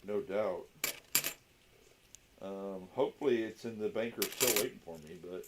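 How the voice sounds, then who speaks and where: A man's voice: fairly low pitch, unhurried. A man co-hosting a livestream, chatting casually and joking in a rambling way. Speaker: co-host of a coin roll hunting livestream. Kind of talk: casual chat. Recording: clear steady background noise.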